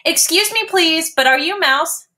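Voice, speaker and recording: A woman's voice: extremely high pitch, animated, a little slow, pushed and bright, pitched above the performer's own voice, exaggerated voice. A woman reading a picture book aloud, voicing a brave, very polite little male kitten. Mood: politely eager. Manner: eager and very polite.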